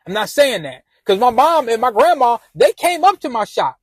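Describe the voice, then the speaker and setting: A man's voice: very high-pitched, sing-song, normal speed, no echo, poor audio. A man casually telling a rambling, profane personal story with lots of restarts.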